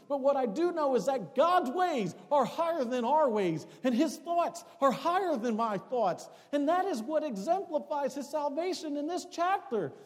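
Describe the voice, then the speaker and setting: A man preaching a sermon as pastor, building emphasis and then dropping to hushed storytelling. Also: extremely high pitch. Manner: preaching with rising emphasis, drops to hushed tones for stories. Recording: long hall reverb.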